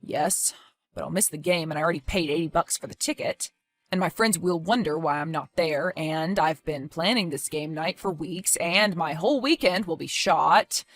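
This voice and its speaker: A woman voicing a careless father who breezily brushes off his girlfriend's worries in an animated story. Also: deep voice, normal speed, pitched below the performer's own voice. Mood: reassuring. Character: dismissive careless father, a grown man. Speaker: boyfriend and father.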